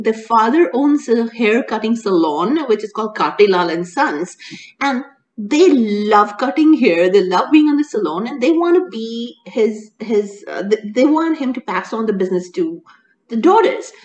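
Woman, casual chat, animated, fairly high voice, frequent restarts. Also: normal speed, dull audio. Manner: animated, laughs often, many restarts. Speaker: co-host reviewing a TV serial.

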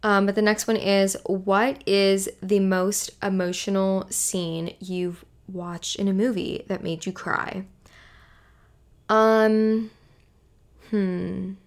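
A woman's voice: medium pitch, little pitch movement, slow pace. A young woman in her twenties hosting a solo podcast, rambling casually with lots of filler words. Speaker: podcast host. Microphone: podcast microphone.

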